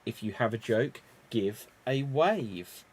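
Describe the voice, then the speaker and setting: A man hosting an online improv game over a video call, unhurried and chuckling as he calls on players by name. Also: medium pitch, lively intonation, darkish tone, husky. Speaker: improv show host.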